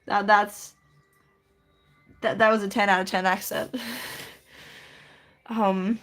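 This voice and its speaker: A woman's voice: mid-range voice, level tone, a little slow, faint music behind. Chatty woman rambling on a livestream. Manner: rambling, chatty, lots of fillers and laughs. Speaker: streamer. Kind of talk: casual livestream chat while drawing.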